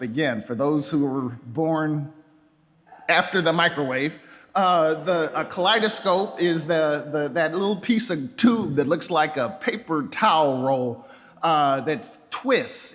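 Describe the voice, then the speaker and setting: An older man preaching a sermon in a church sanctuary, his voice fairly high for a man. His delivery is loose and conversational, and he slips into playful acted-out voices. A long reverb from the hall trails after his words. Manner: conversational and animated, acting out voices with pitch jumps. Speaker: pastor.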